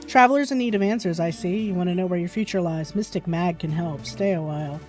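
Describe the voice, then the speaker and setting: A woman's voice: lowish voice, fast talker, a little mellow, soft background music, close to an everyday voice. A woman reading the lines of an old female fortune teller from a game. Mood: mysterious.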